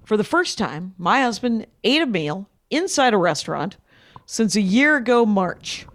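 A woman's voice: mid-range voice, a little slow. A middle-aged woman, a comedian guest, telling chatty, wry stories with punchlines in a casual interview. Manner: chatty, wry, lively storyteller who tells stories with punchlines.

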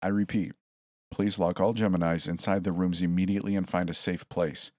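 A man's voice: low-pitched, level tone, brisk, a little mellow, no room sound, studio quality, natural voice. A man doing a drawling campus intercom voice. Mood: cold. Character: flat campus intercom announcer. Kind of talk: horror story narration.

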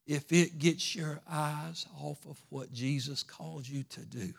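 A male preacher delivering a sermon, climbing to shouted peaks and then dropping into low, quick asides with repeated words. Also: gravelly.

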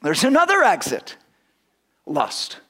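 A man preaching a sermon as pastor, animated, acting out little voices, often laughing and restarting his sentences. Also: sits high, slow pace.

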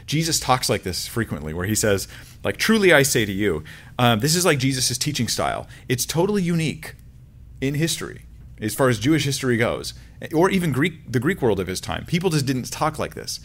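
A man with a low-pitched voice gives a verse-by-verse Bible teaching. He speaks casually and animatedly, full of "um"s and quick restarts. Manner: animated, conversational, with frequent fillers and restarts.

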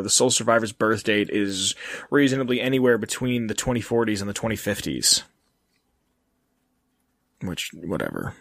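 A man's voice: lowish voice, a bit bright, no room sound. Profane ranting man, dry sound. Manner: profane, ranting, laughs often. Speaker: podcast co-host reading game trivia. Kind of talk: casual chat.

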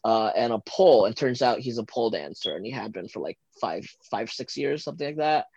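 A man's voice: mid-range voice, fairly quick, husky, no echo. Chatty man with a dull, dry sound. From Los Angeles, USA. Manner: chatty, rambling, many fillers like "like" and "um"; giggly, animated when retelling moments. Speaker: podcast guest. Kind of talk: casual storytelling interview.

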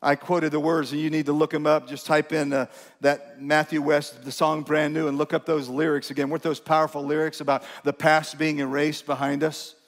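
A man's voice: on the high side, little pitch movement, brisk. A male pastor preaching a sermon in a church, talking conversationally with questions to the congregation and self-mocking humor. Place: church sanctuary. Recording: long reverb of a large church hall.

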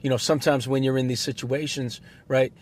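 A man co-hosting a casual podcast conversation, an animated storyteller who acts out the people he quotes. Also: mid-range voice, fairly quick. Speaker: podcast co-host, basketball referee.

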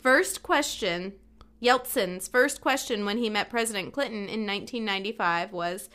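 A woman's voice: mid-range voice, normal speed, a bit bright, clean tone. A woman co-hosting a morning radio show, chatty and laughing as she reads out fun facts. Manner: chatty, laughs at her own stories.

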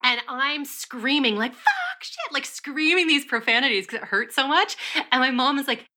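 A woman's voice: sits high, normal speed. A woman co-hosting a podcast, telling a frank personal story in casual chat. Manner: chatty storyteller, frank and animated. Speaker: podcast co-host.

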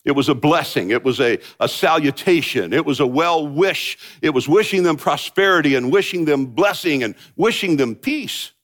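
Man preaching a chatty sermon, higher voice. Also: animated, moderate pace, hardly any pauses, fairly bright tone. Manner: conversational preaching with joking asides. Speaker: pastor.

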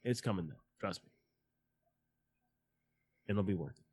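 A man's voice: sits low, lively intonation, a little slow, a little mellow, breathy edge, dry recording. A man in his late forties chatting casually with a friend about a movie, loose and profane in his banter. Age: 40s. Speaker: podcast co-host watching a movie. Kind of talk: casual chat.

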